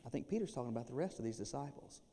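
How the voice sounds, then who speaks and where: A pastor delivering a sermon, animated, breaking into playful acted asides. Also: male voice, mid-range voice, racing, husky. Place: church sanctuary. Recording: long reverb of a church hall.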